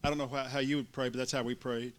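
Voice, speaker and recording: A middle-aged man preaching, telling a folksy personal story from the pulpit with restarts and warm asides. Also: mid-range voice, fast. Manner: folksy, building to excited shouts. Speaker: pastor. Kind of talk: sermon storytelling.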